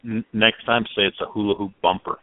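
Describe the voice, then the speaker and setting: A man co-host tells jokes and banters loosely on a custom motorcycle radio show, often restarting his sentences. His voice sits on the low side. The sound is dry and narrow, like a phone line. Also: little pitch movement, fairly quick, dry recording. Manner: joking, stumbling restarts. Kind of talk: casual chat, telling jokes.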